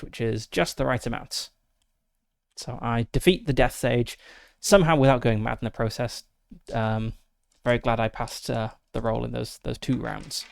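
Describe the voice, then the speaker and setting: A man's voice: mid-range voice, gravelly, clear, resonant tone, dry recording. A man casually narrating his solo tabletop game, methodically thinking aloud through dice rolls and rules with frequent fillers, into a close desk mic.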